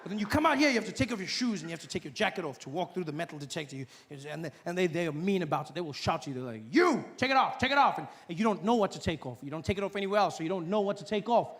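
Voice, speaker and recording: A man performing a stand-up comedy routine on stage before a live audience, animated and mocking as he acts out little scenes. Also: high-pitched, rapid-fire, hardly any pauses.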